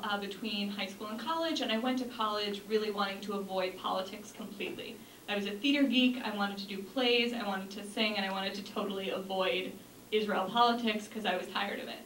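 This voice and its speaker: A woman's voice: medium pitch, fairly bright tone. A young woman giving an earnest talk to an audience, with frequent ums and restarts. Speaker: speaker. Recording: echoey room from a distance, faint noise.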